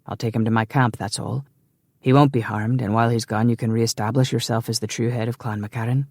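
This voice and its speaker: A proud, scheming Scottish man, as a male audiobook narrator puts him on, speaking low and heavily with a sneer. The voice is dark and gravelly, recorded close and dry. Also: fairly even intonation, fairly quick, no room sound, natural voice. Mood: coaxing.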